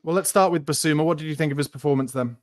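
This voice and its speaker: A man's voice: a little high, racing, no room sound. A man hosting a casual football podcast, talking at length in analytical detail and swearing casually. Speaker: podcast host.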